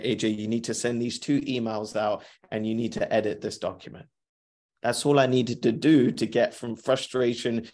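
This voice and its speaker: A man's voice: medium pitch, a little mellow. Upbeat guy hosting a motivation podcast, chatty, says welcome a lot. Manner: upbeat, repeats greetings, self-talk asides. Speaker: podcast host. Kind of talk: live motivational podcast chat.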